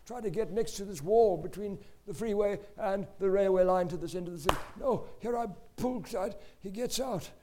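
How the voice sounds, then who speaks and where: A male preacher tells his testimony with emphatic, dramatic storytelling. His voice sits high for a man. He moves from quiet reflection to strong emphasis as he narrates. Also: moderate pace, few pauses, background noise. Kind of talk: sermon testimony.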